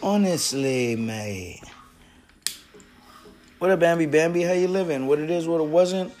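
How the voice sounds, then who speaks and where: A man hosting a casual reaction chat from a garage, loud and profane, breaking into shouts and laughter. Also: fairly high pitch, animated, measured pace, slight background noise. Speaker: host of a smoking stream show.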